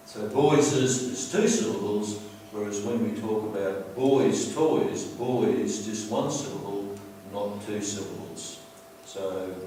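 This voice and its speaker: A man teaching a grammar lesson over slides, explaining patiently and repeating himself, slowing down to stress key words. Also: fairly low pitch, darkish tone, slight background noise. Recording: very echoey room, distant mic.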